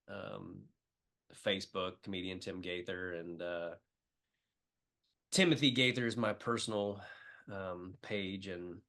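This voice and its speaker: A man's voice: low-pitched, a bit bright. A middle-aged man from the Midwest, a comedian talking as a podcast guest, telling emotional stories with many fillers. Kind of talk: casual interview chat.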